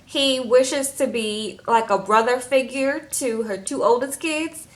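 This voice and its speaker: Young female vlogger, fairly high voice; sassy, animated recap delivery. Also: measured pace. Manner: animated, sassy, acts out quotes in voices, says "okay?" a lot. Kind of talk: casual chatty recap.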